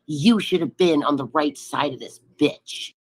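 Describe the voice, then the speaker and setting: A woman in an angry, profane livestream rant, swinging between yelling and muttering. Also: low voice, unhurried, slightly rough, low-quality recording.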